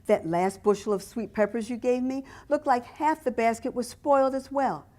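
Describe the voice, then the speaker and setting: A woman's voice: fairly high pitch, fairly even intonation, warm tone, voice pushed up, close to an everyday voice. Woman reading as a stern, firm father. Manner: firm, plain-spoken, measured. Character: stern firm family father, calm and decisive.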